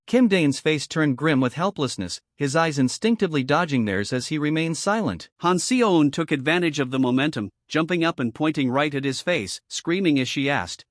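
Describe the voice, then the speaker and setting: Higher-voiced man narrating a comic recap. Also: expressive, normal speed, no echo, clean studio sound. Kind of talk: scripted story narration.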